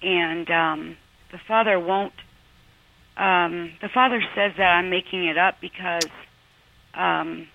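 A woman calling in to an advice show, hesitant and emotional, with many pauses and fillers. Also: on the low side, creaky, a little hiss or hum. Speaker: caller. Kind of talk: phone-in call to advice show. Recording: phone line.

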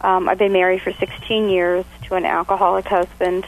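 A woman's voice: lowish voice, level tone, brisk, poor audio. A woman calling in to a radio advice show, speaking politely with some hesitation. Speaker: caller. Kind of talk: phone call to radio show.

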